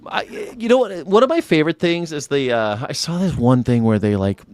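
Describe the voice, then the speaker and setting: A man hosting a casual political chat show, rambling, sarcastic and quick to swear. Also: on the high side, lively intonation, darkish tone, no echo. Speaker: host.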